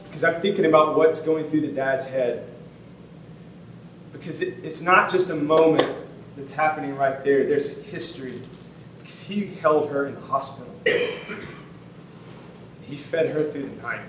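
A man's voice: a little high, moderate pace, pauses often, noisy background. A man in his thirties, a pastor telling a story in a sermon, conversational and earnest with casual fillers. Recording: roomy sound from a distant mic.

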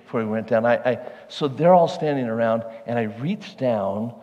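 A male pastor telling a lively personal story in a conversational sermon style. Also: mid-range voice, normal speed, dull audio. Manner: animated, conversational, self-deprecating. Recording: long hall reverb.

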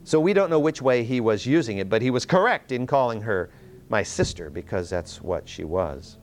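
Animated male Bible teacher. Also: medium pitch, moderate pace. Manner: earnest, explanatory, reads Scripture aloud with emphasis; self-correcting, with restarts and fillers.

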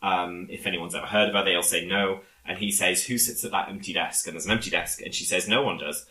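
Low-voiced man rambling through a film recap. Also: fairly even intonation, bright, forceful tone, reverberant, low-quality recording. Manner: rambling, halting with many fillers. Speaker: podcast co-host. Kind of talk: casual film recap chat.

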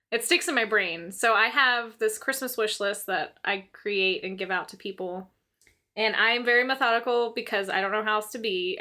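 A young woman chatting casually as co-host, telling stories with lots of laughter and acting out her past self. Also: fairly high pitch. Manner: animated storyteller, laughs often, acts out her own past voice. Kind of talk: casual chat.

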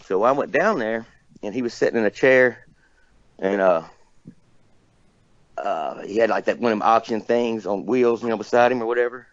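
A man's voice: lowish voice, normal speed, pauses often, no echo, highs cut off. Rambling man telling a story. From Tennessee, near Nashville. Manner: rambling, cussing, laughs often. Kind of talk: casual storytelling.

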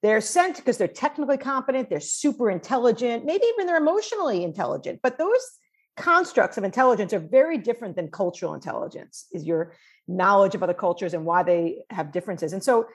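A cross-cultural psychologist from New York chats animatedly in a conversational interview, her medium-pitched voice fast and slightly rough. She tells stories in a chatty way, full of fillers.

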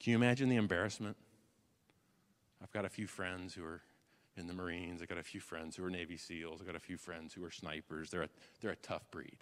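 A man preaching a sermon as a pastor, dramatic, swinging from loud declarations to hushed tones. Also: sits low, steady tone, fairly quick, big-room sound.

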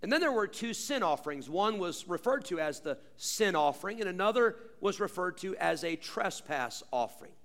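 Preacher guy with a high voice, emphatic, repeats himself, asks the crowd questions, goes loud then quiet. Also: big pitch swings, big-room sound. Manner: swings between loud drawn-out emphasis and low quiet asides. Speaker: pastor. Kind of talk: sermon.

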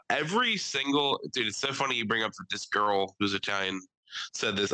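A man's voice: on the low side, dry recording, low-quality recording. A man co-hosting a casual podcast, telling stories with lots of energy and slipping into exaggerated impressions. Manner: animated storyteller, slips into exaggerated impressions. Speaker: podcast co-host.

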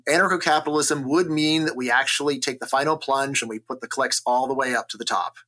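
A man from the United States, an economist, explaining ideas in an energetic, argumentative interview style, often checking in with "right?". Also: mid-range voice, fast talker. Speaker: economist guest. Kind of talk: conversational interview.

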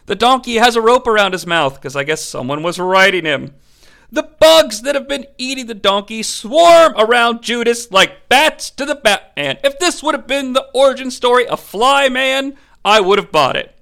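Male comedy recap host, sarcastic, gravelly, bright. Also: very high-pitched, moderate pace. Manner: sarcastic, profane, animated. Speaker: movie review host. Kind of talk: comedic movie recap narration.

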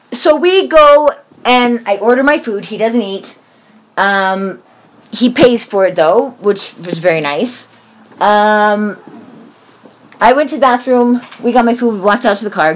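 A woman's voice: on the high side, measured pace. A woman in her forties telling a story in casual chat, swearing often and acting out what people said. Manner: animated, swears often, acts out quoted voices.

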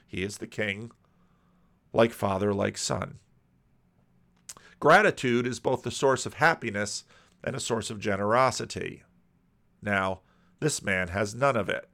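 A man preaches a sermon explaining a parable, acting out its characters with animated outbursts that rise in intensity. His voice is medium-pitched.

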